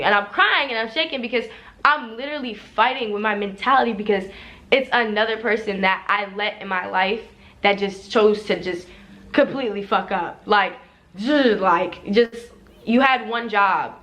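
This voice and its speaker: Bright-voiced young woman telling a heated story. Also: medium pitch, moderate pace. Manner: heated, profane, quoting others' words. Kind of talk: storytime retelling.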